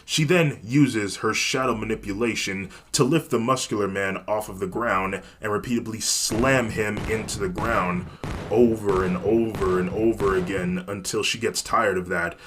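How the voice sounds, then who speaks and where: Low-voiced man narrating a fan story. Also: moderate pace, a bit bright, a little hiss or hum.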